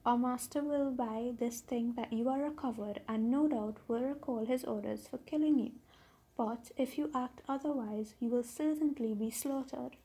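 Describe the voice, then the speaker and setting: Brief: woman reading a crafty talking donkey, husky, gravelly, high-ish. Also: moderate pace, dark tone. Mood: urgent. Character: scheming talkative male donkey.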